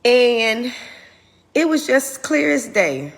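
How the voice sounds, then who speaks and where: A woman's voice: fairly high pitch, sing-song, slow pace, creaky, in a large hall. A woman hosting her own show, candidly telling a personal testimony in an earnest, open way. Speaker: host.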